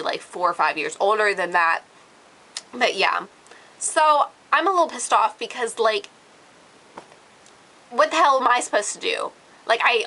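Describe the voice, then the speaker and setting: Bright-voiced irritated teenage woman ranting. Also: mid-range voice, poor audio. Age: late teens. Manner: irritated, sarcastic, heavy filler "like". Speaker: vlogger. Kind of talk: casual rant to camera.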